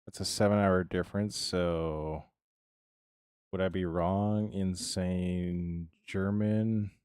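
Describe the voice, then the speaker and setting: A man's voice: low-pitched, steady tone, slow pace, a little mellow, clean tone, dry recording, clean studio sound. An American man live-streaming a building game, chatting casually with viewers and rambling between tasks as he answers them by name. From United States.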